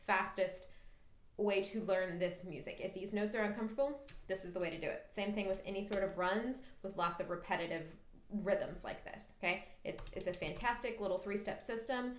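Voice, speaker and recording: A woman's voice: mid-range voice, roomy sound. A woman teaching a flute lesson, patiently coaching the listener through practice steps. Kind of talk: instructional music lesson.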